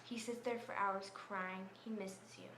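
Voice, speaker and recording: A woman tells a story in earnest home-video narration, her voice somber, medium-pitched, fairly even and a little slow, and she corrects herself now and then. It's captured on a camera mic in an echoey room with a faint hum.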